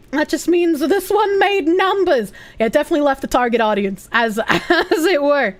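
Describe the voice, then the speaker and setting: A young woman livestreaming casually, giggly and loud, swearing freely as she reads chat aloud. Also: high-pitched, animated, moderate pace, hardly any pauses. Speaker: streamer.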